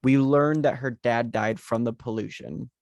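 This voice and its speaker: A man co-hosting a podcast in casual chat, relaxed and joking while he pitches story ideas. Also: moderate pace, vocal fry, no echo. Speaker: podcast co-host.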